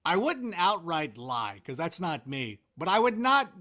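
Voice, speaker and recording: A man's voice: on the high side, very animated, a little slow, sharp tone. A man in his forties from Southern California, a sports analyst chatting as a guest in a rambling, self-deprecating way. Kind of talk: casual interview chat.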